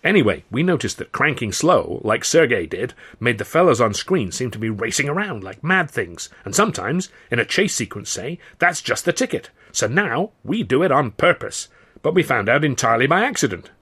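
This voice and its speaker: A man doing a brash loudmouth studio boss. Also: mid-range voice, sing-song, slightly rough, heavily acted. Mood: chummy. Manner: loud, boastful, rapid salesman patter. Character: brash fast-talking male film studio boss, middle-aged. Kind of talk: audiobook character voice.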